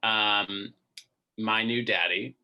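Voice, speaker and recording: A man's voice: lowish voice, steady tone, drawn-out words, pushed and bright. A man co-hosting a playful quiz in a casual interview, reading out entries with dry jokes. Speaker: co-host.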